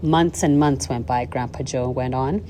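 A woman reading a children's novel aloud, expressive, with the odd slip and restart. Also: rumbling low, normal speed, a little hiss or hum. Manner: lively expressive storytelling with small slips. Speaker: audiobook reader.

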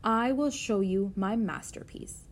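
Woman doing a wise gentle spider, calm, soft, tender, storybook reading, mid-pitched voice. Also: measured pace.

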